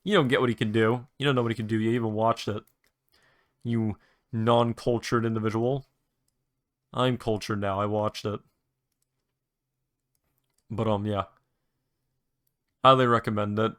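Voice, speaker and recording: Young male solo podcast host, bright tone, loose rambling delivery, casual swearing. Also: lowish voice, fairly even intonation, a little slow, long pauses. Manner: rambling, restarts, mild swearing, enthusiastic recommendations.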